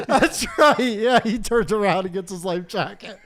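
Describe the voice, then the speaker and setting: A man's voice: high-pitched, slow, a bit bright. A man from Pennsylvania hosting a podcast, telling a story in casual chat, swearing often and laughing through it. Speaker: podcast host.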